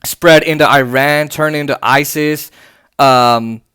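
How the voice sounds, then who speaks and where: Speaking slowly in a fairly even, high-leaning voice that's a bit bright, clear and resonant, this podcast host reads posts aloud at home on his political commentary show. He sounds sarcastic and indignant, with many fillers and restarts, captured in a dry, studio-quality recording.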